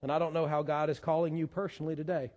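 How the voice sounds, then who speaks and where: Earnest pastor preaching in a reverberant church. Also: male voice, a little high, flat delivery, very fast, a little mellow, highs cut off. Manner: earnest, repeats words when searching for the next one. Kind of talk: sermon. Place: church sanctuary.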